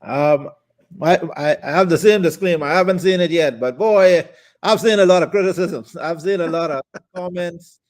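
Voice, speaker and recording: Male talk co-host, slightly high voice, relaxed and chatty. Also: moderate pace. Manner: easygoing, laughs often, many fillers. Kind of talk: casual chat.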